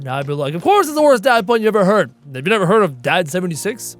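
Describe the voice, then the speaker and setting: A man's voice: high-pitched, big pitch swings, fast, a bit bright, faint music behind. A man giving casual, playful let's-play commentary, chatty and full of puns, laughing at his own jokes. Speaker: gaming video host.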